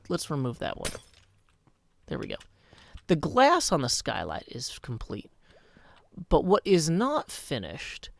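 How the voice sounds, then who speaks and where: A man in his thirties streams a building game with a voice still rough from waking up. He rambles easily, breaking off to answer chat. The sound is dry and close, with no room around it. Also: fairly high pitch, dry recording. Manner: rambling, chatty, answers chat mid-thought. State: hoarse morning voice. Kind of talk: live-streamed game commentary.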